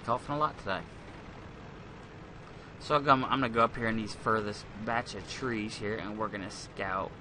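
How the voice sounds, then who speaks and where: A man's voice: lowish voice, steady tone, normal speed, pauses often, sharp tone, a little hiss or hum. A man hosting a gaming channel, giving loose, rambling gameplay commentary with the odd curse. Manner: rambling, profane, thinks aloud.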